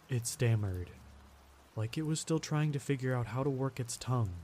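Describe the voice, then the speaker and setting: A man narrating a scripted horror story in a tense, measured way. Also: medium pitch, lively intonation, mellow, a little hiss or hum.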